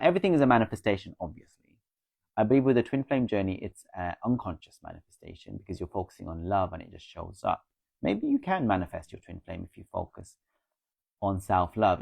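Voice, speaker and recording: A man hosts a casual spiritual live stream, picking up viewers' comments and answering each one in a confident, coaching tone. His voice sits somewhat low and sounds dry and close, as if recorded at home with no room sound. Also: vocal fry, no room sound. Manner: chatty, reads viewer comments aloud and answers them.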